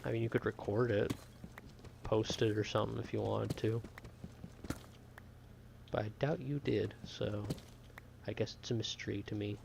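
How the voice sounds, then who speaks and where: A man's voice: fairly low pitch, fairly even intonation, moderate pace, creaky, pauses often, background noise. A young man streaming a game, chatting casually and rambling to his viewers in a self-deprecating way. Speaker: gaming streamer. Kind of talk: casual gameplay chat with chat. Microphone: desk microphone.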